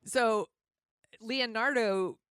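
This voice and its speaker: A woman's voice: on the high side, very slow, fairly bright tone, clear, resonant tone, no room sound. A woman co-hosting a podcast, chatting casually about a movie with wry, teasing asides, close to the mic. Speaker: podcast co-host.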